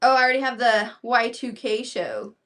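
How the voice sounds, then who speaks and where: A woman's voice: on the high side, normal speed, bright, forceful tone, recorded from a distance. A woman selling clothes on a live stream, chatting and rambling with fillers and repeats, a little out of breath. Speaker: live shopping seller. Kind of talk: live-stream sales chat.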